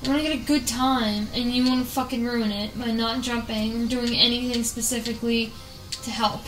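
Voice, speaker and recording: A woman gaming on camera, swearing and venting frustration at the game as she plays, often breaking into shouts. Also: on the high side, fairly even intonation, a little fast, roomy sound, music in the background, poor audio. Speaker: gaming YouTuber. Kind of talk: casual let's play commentary.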